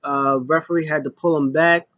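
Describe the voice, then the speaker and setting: A man giving a casual play-by-play recap of a wrestling match, excitedly acting out the wrestlers' lines. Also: a little high, moderate pace, highs cut off, slight background noise. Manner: excitable, acts out wrestlers' lines in raised voices. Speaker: wrestling show reviewer.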